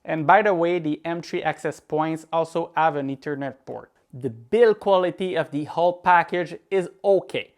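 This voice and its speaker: A man from Quebec whose first language is French, speaking English with a Quebec French accent as he gives a scripted tech product review in a measured, explanatory way. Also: fairly high pitch. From Quebec, Canada.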